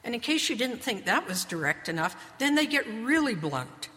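A woman preaching a sermon, speaking slowly and measuredly and reading scripture with emphasis. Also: on the high side, very animated, fairly bright tone. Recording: long hall reverb.

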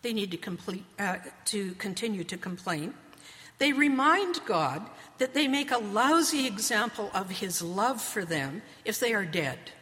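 A woman delivers a sermon at an unhurried, deliberate pace, lingering on each phrase. Her voice sits at an ordinary middle pitch and carries a long reverb from the hall around her. She reads scripture aloud with measured emphasis. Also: expressive, a bit bright. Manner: slow, measured preaching with emphatic scripture reading. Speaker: preacher.

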